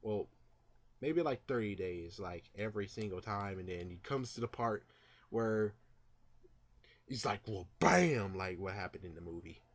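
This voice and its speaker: A man vlogging his casual, rambling thoughts on a movie, full of fillers and asides, who gets louder when retelling scenes. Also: fairly low pitch, normal speed, pauses often. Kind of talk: casual movie reaction vlog.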